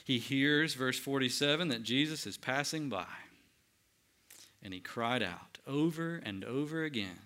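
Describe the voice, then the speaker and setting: A man preaching a sermon, swinging between loud emphatic lines and hushed, quiet ones. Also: medium pitch, measured pace. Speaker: pastor.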